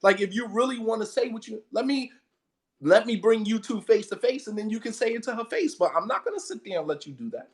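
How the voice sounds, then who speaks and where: A man's voice: sits high, sing-song, fast. A man delivering a fired-up sermon. He talks bluntly and with heavy emphasis, hammering each point by repeating it. He often laughs between lines. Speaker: Islamic preacher. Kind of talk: impassioned sermon.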